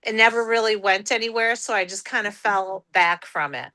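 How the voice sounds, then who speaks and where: Bright, hesitant woman on a call. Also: medium pitch, moderate pace. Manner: hesitant, with fillers and hedging. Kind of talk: casual chat on a group call.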